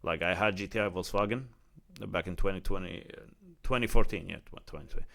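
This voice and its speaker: This Emirati vlogger from the UAE talks fast in a low, gravelly voice that's a bit bright. He's chatty and worked up as he recounts a casual story, leaning heavily on "like" and "you know."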